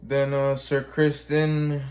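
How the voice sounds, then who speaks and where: Give me a man in casual chat with a mid-range voice. He tells a rambling, profane story, leans on "like" and restarts, and jumps into quick character voices. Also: mid-range voice, completely flat delivery, darkish tone. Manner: acts out characters with quick voice changes.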